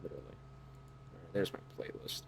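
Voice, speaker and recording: Lecturing low-voiced man reacting to lyrics. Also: animated, a little fast, darkish tone, a little hiss or hum. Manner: incredulous, lecturing, lots of fillers. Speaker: online commentator. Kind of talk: reaction commentary on song lyrics.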